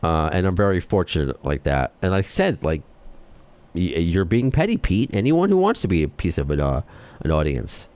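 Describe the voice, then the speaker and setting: Man, New York accent, podcast host, lively swooping delivery, low voice, fast and excitable rant. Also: clean tone. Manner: excitable, fast-talking, ranting. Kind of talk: casual chat.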